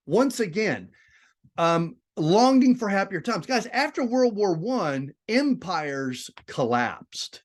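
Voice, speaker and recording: A male literature teacher lectures in an animated, digressive way. His fairly high voice leaps up for emphasis and drops to quiet asides. The pitch moves widely from line to line. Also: slow. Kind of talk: classroom lecture.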